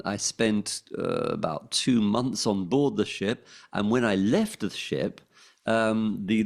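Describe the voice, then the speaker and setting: Middle-aged London man, former radio DJ, casual loose interview talk at a desk mic. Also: mid-range voice. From England. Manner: rambling, many fillers and restarts. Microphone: desk microphone.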